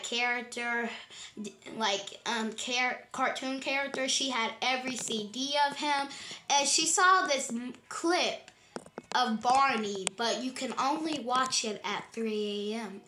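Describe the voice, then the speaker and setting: A woman's voice: high voice, sharp tone, roomy sound, a little hiss or hum. A woman casually retelling a creepy internet story, rambling with lots of "like" and restarts.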